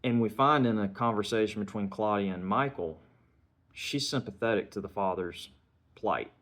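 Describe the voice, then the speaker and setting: A man's voice: on the low side, normal speed, a bit bright. A man giving a casual spoken film review, retelling scenes and dialogue in a conversational way.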